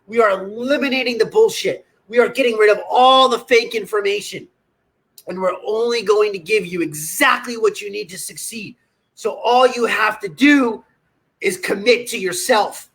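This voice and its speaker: A man's voice: high-pitched, fairly bright tone. A man hosting a livestream, coaching in a blunt, profane, scolding manner. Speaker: nutrition coach.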